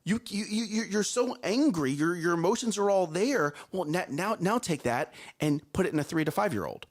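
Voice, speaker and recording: A man co-hosts a casual morning talk show in an animated, emphatic way. His slightly high voice swoops widely as he drives his points home, and he keeps asking "okay?" to pull the listener along. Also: normal speed.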